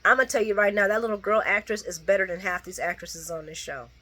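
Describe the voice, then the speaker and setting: She talks fast with hardly a pause, her tone bright and forceful with a breathy edge. Recapping a soap opera in a late-night chat, she's sassy and blunt, addresses viewers as "girl" and "guys," and performs characters' lines with wide pitch leaps.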